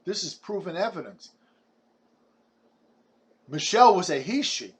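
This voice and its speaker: A man's voice: high voice, sing-song, measured pace. A man, delivering a blunt, combative ranting monologue full of stumbling restarts. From Brooklyn, New York. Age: 70s. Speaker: vlogger.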